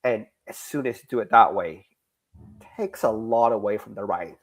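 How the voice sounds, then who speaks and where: A middle-aged Australian man, a guest creator in a casual interview, explaining his writing in an animated way and acting out lines of dialogue. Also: on the low side, moderate pace. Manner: animated, acts out dialogue examples.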